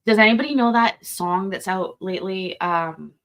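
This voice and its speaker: A woman's voice: mid-range voice, normal speed, fairly bright tone. A woman hosting a live stream, rambling and chatty as she reacts to a clip, swearing freely. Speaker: live-stream host reacting to a court show. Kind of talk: casual live commentary.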